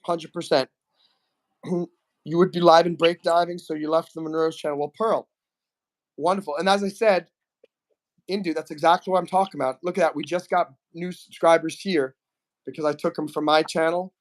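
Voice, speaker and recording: Live stream host, man, slightly high pitch, chatty, reads the chat, clears his throat often. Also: fairly even intonation, moderate pace.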